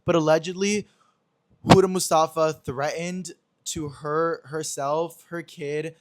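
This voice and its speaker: Young male podcast host, slightly high voice, dry close sound; gossipy storyteller who acts out every line of dialogue. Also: fairly even intonation, slow, no echo. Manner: chatty, dramatic, slangy, acts out quoted dialogue. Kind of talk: casual storytelling chat.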